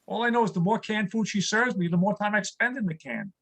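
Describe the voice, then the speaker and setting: A man in his sixties from New York, telling wry, rapid-fire one-liners in a stand-up comedy set on a stage mic. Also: high voice, gravelly, fairly bright tone, rough recording. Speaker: stand-up comic.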